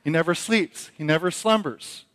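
A middle-aged man preaching a sermon as pastor, his voice sitting a little high for a man. He tells a story at length, starting in quiet reflection and building to emphatic preaching. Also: normal speed.

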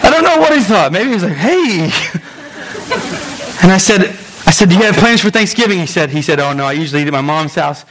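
A man pastor preaching a sermon in a lively storytelling way, acting out voices and making quick asides. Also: high voice, a little hiss or hum, rough recording.

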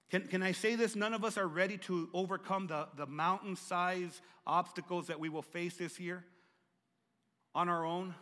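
Speaking at normal speed with fairly even intonation, a middle-aged pastor preaches through a stutter, repeating words as he pushes on. His bright, high voice dips to near-whispers and rises to loud, emphatic calls, each phrase followed by the long reverb of a large church hall.

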